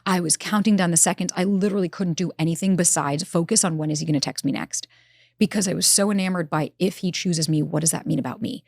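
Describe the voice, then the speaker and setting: A woman who is a relationship expert, telling personal stories in a relaxed interview and acting out her own inner dialogue. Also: lowish voice, racing, dry recording, clean studio sound. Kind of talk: conversational storytelling. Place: studio.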